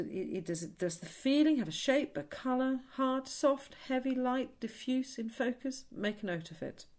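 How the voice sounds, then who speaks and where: A woman leading a guided tapping session in a slow, soothing, instructive way. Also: fairly low pitch, a little mellow. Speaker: EFT tapping practitioner.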